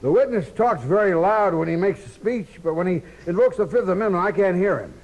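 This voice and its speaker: A man's voice: high-pitched, lively intonation, a little fast, a little mellow, poor audio. A man chairing a committee hearing, curt and dismissive with the witness. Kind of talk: presiding at a hearing.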